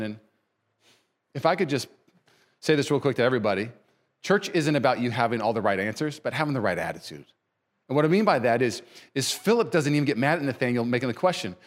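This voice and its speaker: A man preaching a sermon as pastor, conversational and animated, repeating phrases and voicing quoted people. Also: in a large hall. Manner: voices quoted people with pitch jumps.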